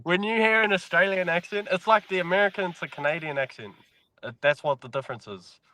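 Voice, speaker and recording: A man's voice: high-pitched, a little fast, sharp tone, a little hiss or hum. A man from New Zealand with a New Zealand accent, chatting casually as a podcast guest, laid-back and swearing freely. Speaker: podcast guest, mine worker. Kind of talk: casual chat.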